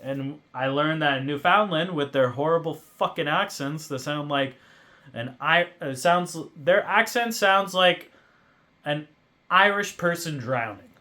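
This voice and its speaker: A man hosting a podcast, telling a casual story in a profane, ranting way that swings between mumbled asides and loud outbursts. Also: on the high side, unhurried. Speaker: podcast host.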